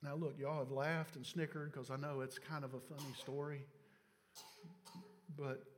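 Middle-aged male preacher, tells stories then builds to fervent exhortation; a slightly high voice ringing through a large sanctuary. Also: little pitch movement, moderate pace, slight background noise. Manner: storytelling, swings from hushed confession to loud exhortation. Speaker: pastor. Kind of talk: sermon with personal story. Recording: long church reverb.

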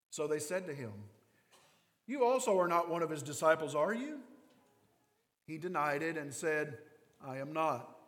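Male pastor, Kentucky mountain accent, slightly higher voice, animated sermon, long hall reverb. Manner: animated storytelling, acts out quoted voices.

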